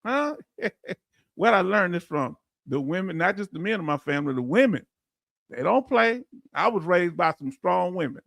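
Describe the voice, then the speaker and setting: A man with a Texan accent hosting a live stream, emphatic and animated, reading out chat comments and laughing often. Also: high-pitched, moderate pace, gravelly, no room sound. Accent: Texan English. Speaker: veteran live-stream host.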